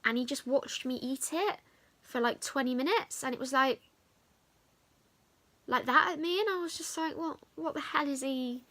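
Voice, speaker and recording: Young woman rambling thru a storytime, bright voice, pitch jumps all over. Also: moderate pace, long pauses. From England. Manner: chatty, animated retelling with many fillers. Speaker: vlogger. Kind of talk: storytime vlog.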